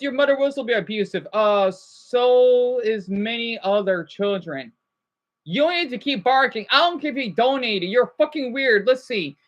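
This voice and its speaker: A man's voice: extremely high pitch, animated, moderate pace, a bit bright, muffled recording. A man in his thirties ranting in a rambling, agitated commentary vlog, swearing often and then apologizing. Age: 30s. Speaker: vlogger.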